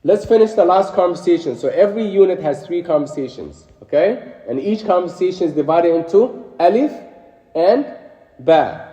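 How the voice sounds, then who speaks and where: A man's voice: high voice, expressive, moderate pace, mellow, echoey room, long reverb tail. A man explaining an Arabic textbook lesson, reading each line and then translating it. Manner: reads Arabic lines then translates them. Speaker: Arabic teacher.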